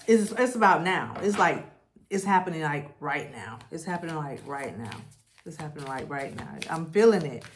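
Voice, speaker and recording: A woman giving a spiritual tarot reading, talking in a slow, repetitive way and leading the listener through affirmations. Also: deep voice, animated, slight background noise. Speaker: tarot reader.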